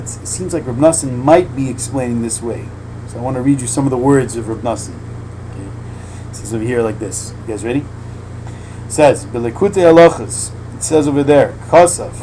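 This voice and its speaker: A man, a rabbi, teaching an informal lesson in a lively, slangy way that often builds to loud fervor. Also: medium pitch, slight background noise, low-quality recording. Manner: animated, heavy slang, quick asides, rising to loud fervor.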